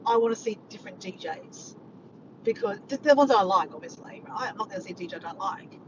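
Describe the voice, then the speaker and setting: A woman with an Australian accent chatting excitedly to her viewers in a casual vlog, calling them guys. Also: mid-range voice, quick pace. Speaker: vlogger. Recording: dull lo-fi audio with clear background noise.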